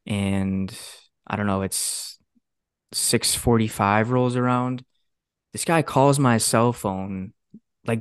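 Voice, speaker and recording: A man's voice: on the low side, measured pace, smooth, no echo, studio quality. Swearing young man telling a story. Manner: animated, swears a lot, acts out quotes. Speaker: podcast co-host. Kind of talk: casual storytelling.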